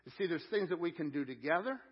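A male pastor giving a sermon, building to loud emphatic peaks and repeating words as he speaks. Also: a little high, animated, fast, breathy edge, muffled recording. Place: church sanctuary.

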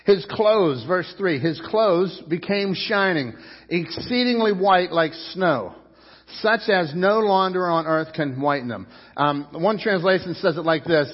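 Guy pastor preaching, kinda high voice, chatty, muffled and echoey hall sound. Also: unhurried, breathy edge. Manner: conversational, repeats words, asks the crowd questions. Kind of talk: sermon.

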